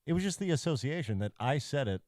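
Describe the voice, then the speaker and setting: A male podcast host with a warm, mellow voice that moves with lively pitch. He talks in a deliberate, measured way, close and dry to the mic. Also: no room sound. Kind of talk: casual podcast chat.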